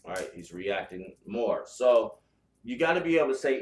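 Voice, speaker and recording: A man's voice: mid-range voice, very animated, normal speed. A man hosting a spiritual podcast, talking bluntly and profanely in a casual chat style, with lots of restarts. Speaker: podcast host. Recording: echoey room.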